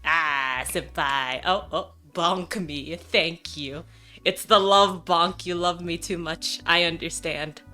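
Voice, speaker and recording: A woman's voice: lowish voice, slow pace, sharp tone, faint music behind. A young adult woman streaming live, chatting casually and playfully, laughing often and swearing now and then. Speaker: VTuber streamer.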